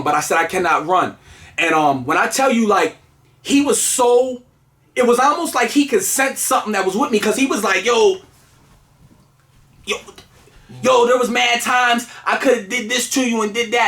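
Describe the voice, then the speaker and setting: A man's voice: sits high, fairly bright tone. A man telling a personal story in casual, earnest conversation, with lots of fillers and restarts. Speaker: guest telling his story.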